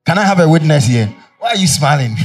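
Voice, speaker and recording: Ghanaian male pastor, husky voice, mic at a distance, faint music under; call-and-response sermon style. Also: on the high side, lively intonation, normal speed. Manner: call-and-response preaching, fill-in-the-blank questions.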